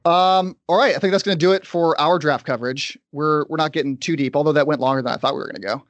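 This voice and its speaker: A man hosting a sports podcast, talking in a brisk, opinionated and conversational way. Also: fairly high pitch, no echo. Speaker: podcast host. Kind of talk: casual sports podcast chat.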